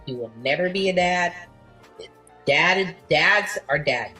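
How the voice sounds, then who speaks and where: A woman's voice: fairly low pitch, takes it slowly, pushed and bright, breathy edge, soft background music. A woman giving an emphatic opinion monologue in a clip, repeating her points for weight. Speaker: commentator in a played clip.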